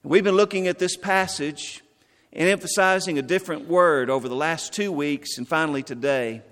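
Fairly high-voiced pastor preaching in a hall. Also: male voice, a bit bright. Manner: folksy joke-telling, then slow emphatic repetition. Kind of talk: sermon.

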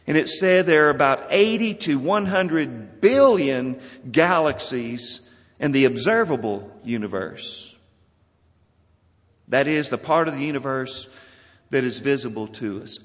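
A pastor preaching a sermon in a slow, measured way, lifting for emphasis and dropping soft at the ends of phrases. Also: male voice, fairly high pitch. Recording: long reverb of a large hall.

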